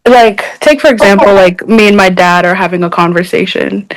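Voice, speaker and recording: A woman's voice: medium pitch, normal speed, low-quality recording. A young woman from Africa in a casual podcast discussion, chatty and laughing as she tells anecdotes. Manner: chatty, speeds up and laughs while telling anecdotes.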